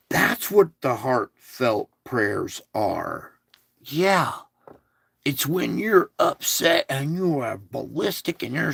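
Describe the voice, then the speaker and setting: A man's voice: mid-range voice, creaky, fairly bright tone, no room sound. A man giving a devotional talk spoken in God's voice, blunt and conversational, with crude words and many coaxing questions to listeners. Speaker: devotional speaker.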